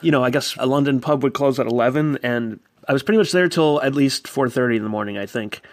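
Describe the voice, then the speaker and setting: A man in his thirties from New York telling a casual, animated personal story and acting out quoted voices. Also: medium pitch, quick pace, no room sound. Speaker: guest storyteller. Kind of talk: casual anecdote.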